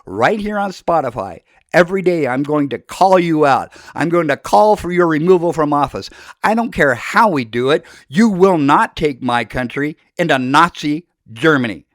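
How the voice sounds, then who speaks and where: A man's voice: a little high, lively intonation, normal speed, dry recording, studio quality. An older man delivering an impassioned, accusatory political monologue as a podcast host, with fiery outbursts. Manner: fiery, accusatory, shouting into speeches.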